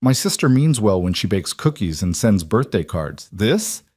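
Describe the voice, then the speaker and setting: A man reading the lines of a stubborn, bitter young ranch woman in a curt, flat way. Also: lowish voice, normal speed, no echo, clean studio sound.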